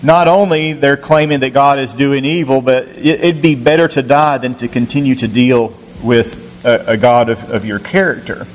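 A man's voice: medium pitch, moderate pace, hardly any pauses, big-room sound, low-quality recording. A man teaching a recorded Bible lesson in an earnest, questioning way, often repeating words as he thinks.

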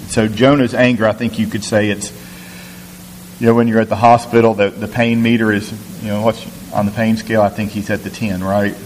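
A man's voice: lowish voice, flat delivery, fairly quick, in a large hall, a little hiss or hum, poor audio. A man teaching a recorded Bible lesson in an earnest, questioning way, often repeating words as he thinks.

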